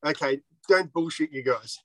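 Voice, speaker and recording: A man's voice: a little high, moderate pace, sharp tone, no echo, rough recording. A man who designs surfboards, talking bluntly and swearing freely in a casual interview. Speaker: surfboard shaper.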